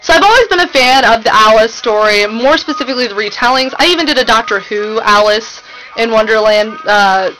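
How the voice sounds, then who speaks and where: Gushing young woman vlogging, bright voice. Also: a little high, fairly quick, faint music behind, low-quality recording. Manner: gushing, breathless, rambling with fillers. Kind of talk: excited fangirl vlog chat. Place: home room.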